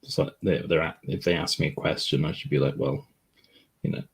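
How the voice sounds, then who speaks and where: Male co-host, law student, low husky voice, dry joker. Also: steady tone, fast talker. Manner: joking, dry banter. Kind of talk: casual livestream chat.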